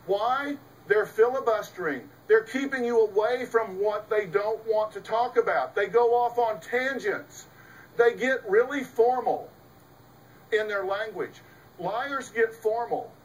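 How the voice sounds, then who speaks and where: A middle-aged host and psychologist lectures a live audience in an emphatic, folksy style full of rhetorical questions. His voice is high and picked up from a distance, with slight background noise in poor audio.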